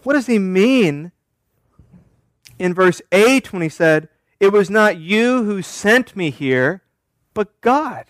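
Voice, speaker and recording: A man's voice: sits high, expressive, takes it slowly, no room sound. A man preaching an expository sermon, emphatic, asking rhetorical questions and answering them himself. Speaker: pastor.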